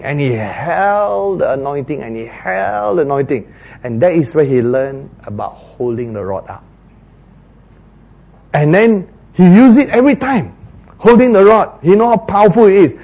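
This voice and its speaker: A man's voice: a little high, expressive, moderate pace, darkish tone. A man preaching a sermon, laughing often and acting out biblical dialogue with sudden jumps in his voice.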